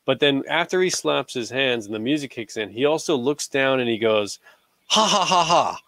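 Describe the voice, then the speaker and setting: A man in his thirties talks in a relaxed, rambling way, full of fillers and restarts. His voice has a gravelly, fried edge. The recording is dry and close, with no room sound. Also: mid-range voice, a little fast, dry recording. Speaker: podcast co-host. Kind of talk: casual chat.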